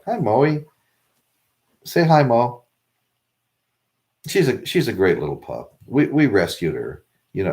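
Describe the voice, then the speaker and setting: This middle-aged man from the United States, a vlogger, has a low, slightly mellow voice. He talks to his viewers in a loose, rambling way, restarting often in his casual chat to camera.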